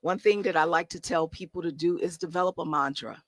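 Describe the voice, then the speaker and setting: A woman's voice: fairly low pitch, steady tone, fairly quick, no room sound. A woman life coach giving an emphatic motivational talk, casual in her phrasing and full of rhetorical questions. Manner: colloquial, conversational phrasing. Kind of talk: motivational talk to a live audience.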